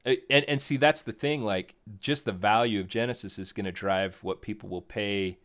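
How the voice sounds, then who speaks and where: A man's voice: lowish voice, moderate pace, fairly bright tone. A man co-hosting a live stream in casual chat, rambling and correcting himself, often chuckling. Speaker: co-host of a crypto game stream.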